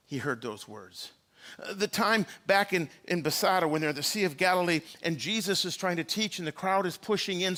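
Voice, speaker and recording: A man's voice: on the high side, a bit bright. A man preaching a sermon in a church, telling the story and acting out the quoted lines. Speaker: pastor.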